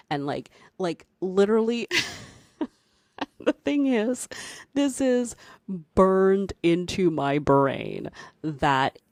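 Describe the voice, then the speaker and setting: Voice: mid-range voice, vocal fry, dry recording, studio quality. A podcast host telling a personal story in a casual, rambling way, full of "like" and "you know" and frequent laughs. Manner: chatty, heavy use of "like" and "you know"; laughs often while talking.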